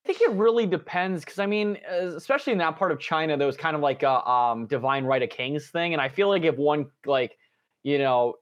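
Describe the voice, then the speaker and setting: A man's voice: on the high side, brisk, no echo. A young man co-hosting a casual podcast, sardonic and profane in his remarks. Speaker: podcast co-host.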